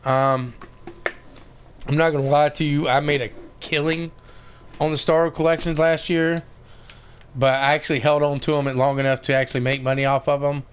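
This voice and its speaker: A man's voice: a little high, level tone, moderate pace, long pauses, slight background noise. A man giving casual, rambling commentary over a game tutorial, with many fillers and restarts. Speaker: gaming video creator.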